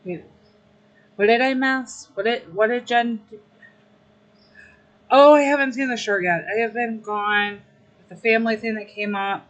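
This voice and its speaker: Young woman streamer, emotional and grateful, unhurried casual chat, fairly high voice. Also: steady tone, poor audio. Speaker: livestreamer.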